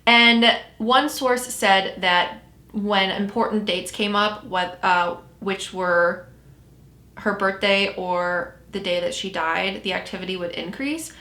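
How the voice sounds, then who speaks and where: A woman's voice: mid-range voice, slow pace, bright, forceful tone, echoey room. A woman hosting a podcast, casually telling a story and often correcting herself as she goes. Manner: chatty, self-correcting storyteller. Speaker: podcast host.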